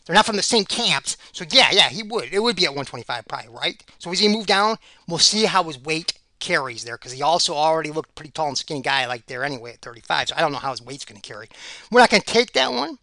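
A man's voice: fairly high pitch, sing-song, fast talker, pushed and bright, no echo. A man giving rambling solo commentary on fight picks, sarcastic and ranting, repeating himself.

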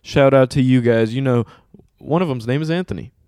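A man's voice: medium pitch, fairly quick, a little mellow, smooth, no echo, clean studio sound. Laid-back young man telling a story. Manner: laid-back storytelling with heavy slang and swearing. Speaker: podcast host. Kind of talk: casual chat.

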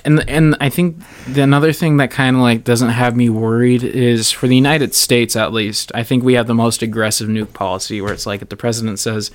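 A young man talking loosely on a podcast, rambling from one tangent to the next. His pitch sits in the ordinary middle range. He slips into quick comic voices to act out scenes. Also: fairly even intonation. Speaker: podcast guest, comedian. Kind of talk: casual podcast chat.

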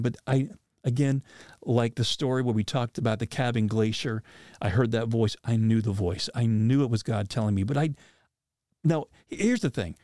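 A man telling a personal hunting story in a casual, animated way, often restarting and acting out quotes. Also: medium pitch, normal speed, no echo, studio quality.

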